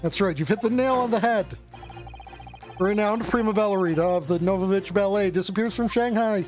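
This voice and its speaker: A man's voice: sits high, a little fast, darkish tone, faint music behind, natural voice. A man reading a theatrical male detective's lines aloud from a video game, in a grandiose, formal delivery. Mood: triumphant.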